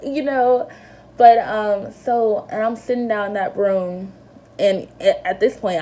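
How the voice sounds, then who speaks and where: A woman's voice: mid-range voice, fairly even intonation, takes it slowly, warm tone. A young woman vlogger telling a personal story in an earnest, emotional way, with lots of fillers and restarts. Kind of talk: casual storytelling to camera.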